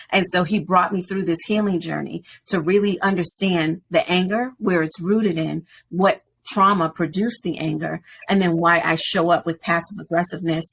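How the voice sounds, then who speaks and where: A woman in her forties, a podcast guest, telling a personal story in an animated way. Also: lowish voice, vocal fry, slight background noise. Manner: animated storyteller, acts out quoted voices.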